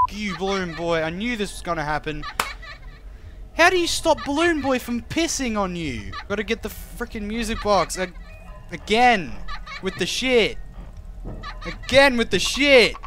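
A man's voice: sits high, sharp tone, a little hiss or hum. A man playing a horror game, reacting with jumpy swearing and nervous laughter. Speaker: let's play gamer.

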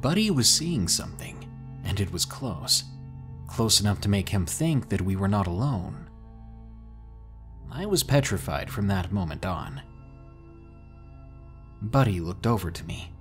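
A man narrating scary stories in a dramatic, drawn-out way, pausing for suspense. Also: lowish voice, very animated. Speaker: horror story narrator. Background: faint music.

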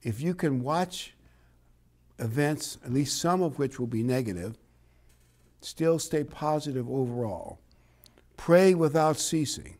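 A man's voice: medium pitch, lively intonation, unhurried, pauses often, darkish tone. Chatty, encouraging male preacher. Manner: conversational, encouraging, chuckles. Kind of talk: sermon.

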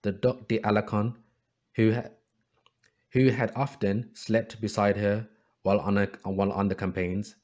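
A man's voice: fairly low pitch, unhurried, long pauses. A man hosting a history channel, reading book excerpts aloud and adding sarcastic asides. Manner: reads passages in an even voice, then adds sarcastic asides.

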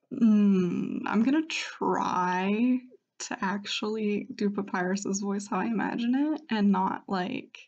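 A woman's voice: medium pitch, darkish tone, dull audio. A woman chatting casually and self-deprecatingly, rambling between attempts at character voices. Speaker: voice hobbyist. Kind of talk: casual vlog commentary.

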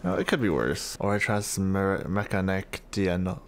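A man's voice: low-pitched, expressive, measured pace, faint music behind. A man casually reading out and reacting to fan comments, joking and easily amused. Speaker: gaming video creator.

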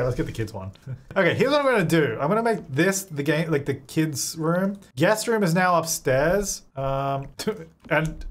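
This is a young man hosting a relaxed game playthrough. His voice sits a touch high and swings widely in pitch as he chats, jokes and laughs at the game. He sometimes slips into silly squeaky voices for his characters. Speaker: gaming channel host. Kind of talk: casual let's-play commentary.

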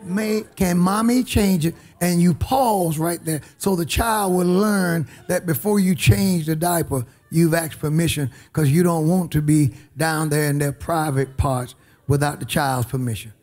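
A man preaching a sermon. He is emphatic, calls out to the congregation, and swings between shouted lines and quiet asides. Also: on the high side, fairly even intonation, measured pace.

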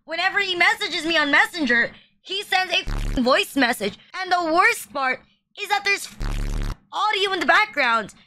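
A woman's voice: very high voice, expressive, moderate pace, pushed and bright, slight background noise. A woman streamer giving casual reaction commentary, blunt, swearing often and joking at her own expense. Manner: blunt, swears often, self-deprecating jokes. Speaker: VTuber streamer reacting to memes.

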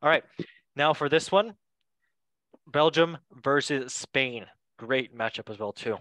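A young man hosting a casual football podcast, playful and quick to laugh, with goofy asides. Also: mid-range voice, bright, forceful tone, no echo. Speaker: podcast host.

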